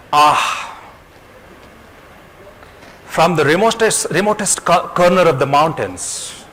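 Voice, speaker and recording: A man's voice: fairly high pitch, fairly bright tone, poor audio. A man giving a motivational talk to an audience, speaking emphatically, repeating his key phrases and telling a parable.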